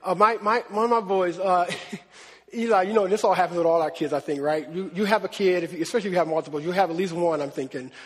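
A man preaching a casual, animated sermon, often checking in with the crowd. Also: sits high, fast talker, breathy edge. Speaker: pastor. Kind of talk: conversational sermon. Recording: long hall reverb.

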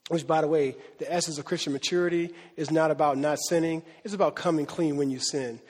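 A man's voice: fairly high pitch, fast talker, breathy edge, in a large hall. A man preaching a casual, conversational sermon, full of slang and acted-out voices for biblical characters. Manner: animated, acts out biblical characters in street slang.

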